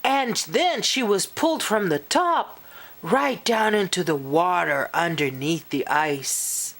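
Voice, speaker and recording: A woman reading a children's picture book aloud, animated and expressive, pausing to talk to young listeners. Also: lowish voice. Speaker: storyteller.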